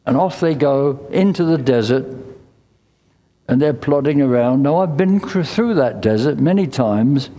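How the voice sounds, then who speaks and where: A man's voice: mid-range voice, mellow. An older man preaching a sermon, retelling the story conversationally with dry asides. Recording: long hall reverb.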